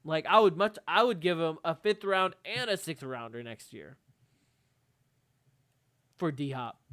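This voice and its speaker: A man's voice: fairly high pitch, animated, measured pace, fairly bright tone, clear, resonant tone, no echo, studio quality. A man co-hosting a sports podcast, venting in a heated, profane, exasperated rant. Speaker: podcast co-host.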